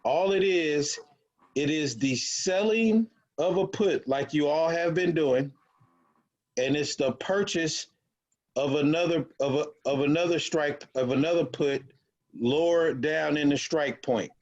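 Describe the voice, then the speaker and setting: Casually teaching an online options trading group while sharing his screen, a man speaks haltingly, with frequent fillers and restarted sentences. His voice is a little high and a little mellow, and the audio is dull.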